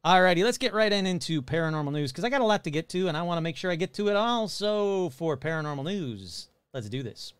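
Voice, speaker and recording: A man's voice: high-pitched, animated, fast, hardly any pauses, slight background noise. A man hosting a podcast, talking casually and jokily as he rattles off long lists of listener names. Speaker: podcast host.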